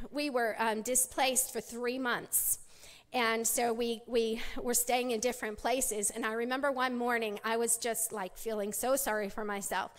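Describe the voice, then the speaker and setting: A middle-aged woman giving a personal testimony at a church women's conference, storytelling with many restarts. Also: fairly high pitch. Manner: storytelling, many restarts, acts out quoted voices. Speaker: conference speaker. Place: church sanctuary. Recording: long hall reverb.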